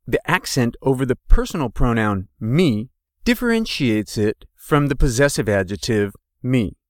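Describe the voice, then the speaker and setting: A man narrating a scripted language lesson, slowly and deliberately sounding out each example word. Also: mid-range voice, no echo, studio quality. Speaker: language teacher.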